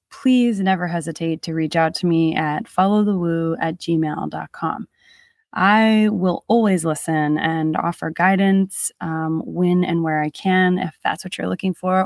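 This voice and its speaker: Woman podcast host, earnest and reflective, low-ish voice. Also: no echo, clean studio sound. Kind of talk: casual chat and outro.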